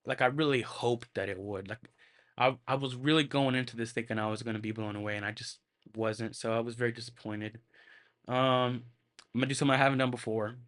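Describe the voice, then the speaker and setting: A man's voice: medium pitch, fairly even intonation, fairly quick, fairly bright tone. A man talks through a film review on his own podcast in a loose, casual way. He rambles, circles back with plenty of filler words, and swears freely as he goes. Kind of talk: casual solo movie review.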